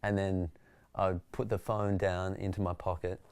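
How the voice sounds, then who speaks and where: An Australian man, a stand-up comedian, telling stories in a relaxed, reflective way during an interview. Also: deep voice, normal speed, smooth. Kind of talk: interview conversation.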